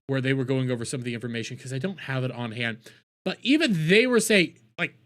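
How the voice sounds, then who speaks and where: A man's voice: very high-pitched, a bit bright. A man giving profane, combative reaction commentary, ranting back at news clips he plays. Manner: combative, ranting, heavy swearing.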